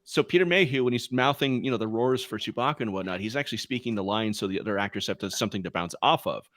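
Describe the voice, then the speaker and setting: A man's voice: fairly low pitch, quick pace, no echo. A man co-hosting a podcast in casual chat, telling anecdotes with enthusiasm. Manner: lively storytelling, enthusiastic. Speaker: podcast co-host.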